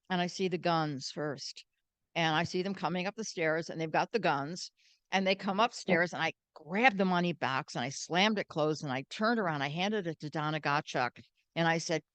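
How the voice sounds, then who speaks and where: An older American woman, a guest, telling animated stories and acting out the voices in them. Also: deep voice, no room sound. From United States. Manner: animated, acts out quoted voices. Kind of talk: storytelling interview.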